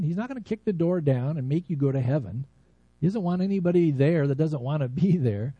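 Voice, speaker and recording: A man's voice: a little high, sing-song, a little fast, mellow, dry recording, dull audio. A man preaching an earnest, conversational sermon, then leading a prayer. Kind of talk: sermon with altar call and prayer.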